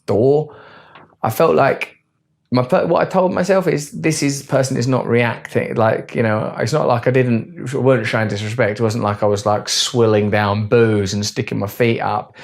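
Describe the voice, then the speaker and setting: A man's voice: mid-range voice, creaky. A man giving a rambling, earnest, philosophical monologue on self-help. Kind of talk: reflective monologue.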